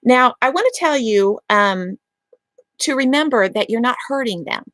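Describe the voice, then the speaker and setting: Chatty, higher-voiced woman giving parenting advice. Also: normal speed, no room sound. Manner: explains step by step, checks in with repeated "okay?"; acts out calm lines to a child in a gentle voice. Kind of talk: instructional talk to camera.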